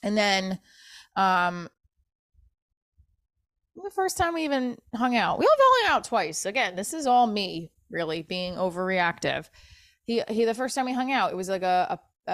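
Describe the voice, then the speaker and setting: A woman's voice: fairly low pitch, a bit bright, no echo, studio quality. A woman hosting a podcast alone, talking in an upset, self-critical way, swearing and restarting her sentences. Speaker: podcast host. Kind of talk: emotional solo podcast monologue.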